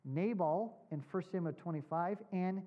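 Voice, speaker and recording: A man preaching a sermon. He asks his congregation questions, repeats points with emphasis and slows down on key words. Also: high-pitched. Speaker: pastor. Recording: dull lo-fi sound.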